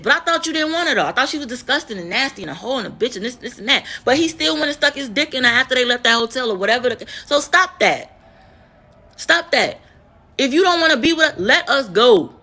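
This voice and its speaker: Bright and forceful, her voice runs on the high side. The speaker, a nurse in her thirties from the United States, repeats words for emphasis while telling her viewers a heated story laced with profanity, storytime-vlog style and full of emotion.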